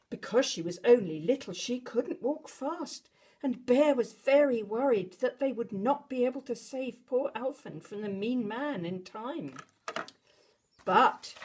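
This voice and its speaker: Slow, breathy woman reading a bedtime story. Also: on the high side. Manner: expressive, dramatic gasps and animal noises. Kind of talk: bedtime story read to children.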